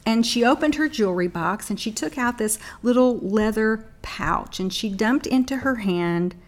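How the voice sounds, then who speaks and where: A woman's voice: fairly high pitch, lively intonation. Earnest middle-aged woman teaching scripture. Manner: earnest storytelling, slows down on key points. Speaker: Bible teacher. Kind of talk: personal story in a Bible teaching.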